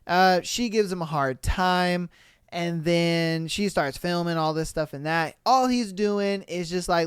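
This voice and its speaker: A woman podcast host reacting to a video and retelling it for listeners in a casual, animated way, now and then acting out the people in it. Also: fairly low pitch, a little slow, smooth, dry recording, clean studio sound. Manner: animated, swearing, retells scenes in voices.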